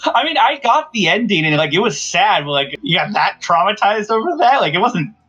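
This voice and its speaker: A man's voice: sits high, sing-song, brisk, sharp tone, husky, highs cut off. A young man in casual chat with friends, teasing and laughing often. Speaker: friend in the conversation.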